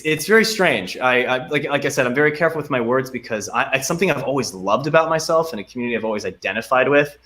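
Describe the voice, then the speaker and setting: Bright-voiced young man on a video call. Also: medium pitch. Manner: reads donor names with many ums and uhs, warm and grateful. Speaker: guest actor. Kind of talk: casual video-call chat.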